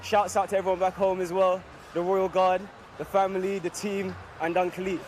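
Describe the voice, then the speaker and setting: High flat-voiced man from the UK. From United Kingdom. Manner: grateful, halting, many fillers. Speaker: dunk contest winner. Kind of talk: post-win interview. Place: outdoor arena with cheering crowd. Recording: loud crowd noise.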